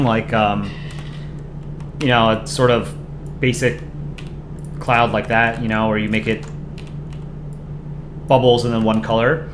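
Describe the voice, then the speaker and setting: A man streaming live, chatting casually as he reviews fan art, rambling with frequent ums. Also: medium pitch. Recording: echoey room with background noise.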